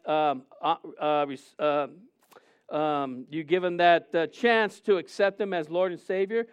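A man preaching a sermon, animated and conversational, often acting out quotes in a raised voice. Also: high-pitched. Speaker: pastor. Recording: dull lo-fi sound.

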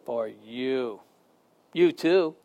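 A man's voice: medium pitch, extremely slow. A man preaching a sermon, telling jokes and stories and asking the congregation questions. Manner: lively storytelling, jokes, asks the congregation questions. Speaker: pastor.

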